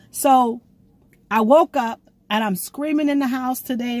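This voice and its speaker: A woman giving an excitable, rambling prophetic message to her viewers, recorded on her own camera at home. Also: high-pitched, moderate pace. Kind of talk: casual prophetic video message. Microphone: camera she sets up herself.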